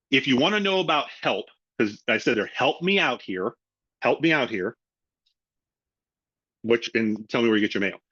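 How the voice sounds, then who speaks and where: A man's voice: on the high side, no echo. Middle-aged guy doing sales training, acts out phone calls, dry slightly muffled audio. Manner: animated, acts out both sides of sales calls. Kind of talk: webinar training talk.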